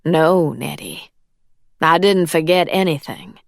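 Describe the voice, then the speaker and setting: Woman as a firm, cool employer, slow measured lines, dry sound. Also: low-pitched, creaky, no room sound, heavily acted.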